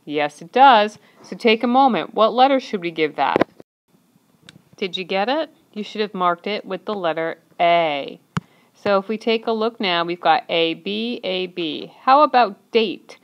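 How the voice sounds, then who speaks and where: A woman's voice: mid-range voice, animated, a little slow, dull audio, noisy background. A woman teacher narrating an instructional lesson, patiently counting and clapping out syllables step by step.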